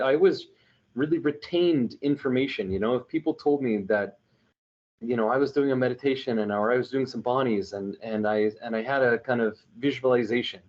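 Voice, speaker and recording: A man's voice: mid-range voice, a little mellow, highs cut off. A man from New Mexico who works as a storyteller, chatting earnestly and with animation in long, winding anecdotes full of restarts. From New Mexico, United States. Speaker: storyteller for an online religious media group. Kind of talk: casual conversational storytelling.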